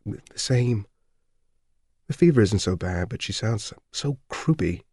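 A man's voice: on the low side, animated, measured pace, darkish tone, breathy edge, no room sound, studio quality. A man reading an audiobook voices a frightened, worn-out young mother who sounds wary and anxious on the phone.

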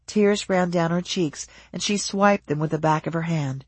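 A measured audiobook narrator carries the story at an even pace. The voice is husky and close, recorded dry. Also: mid-range voice, no echo.

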